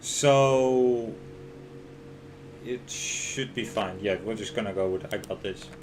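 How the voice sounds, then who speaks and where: A man's voice: lowish voice, slow pace, slight background noise. Streamer man reading a game aloud. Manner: narrates, reacts with laughs and panicky outbursts. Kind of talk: reading a visual novel aloud while playing.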